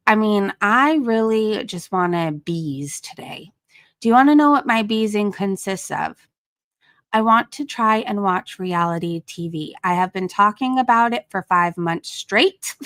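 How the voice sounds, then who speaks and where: A woman's voice: medium pitch, a bit bright, smooth, no echo. Chatty woman streamer, dry close sound. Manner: chatty, greets viewers by name. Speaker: livestream host. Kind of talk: casual chat. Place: home.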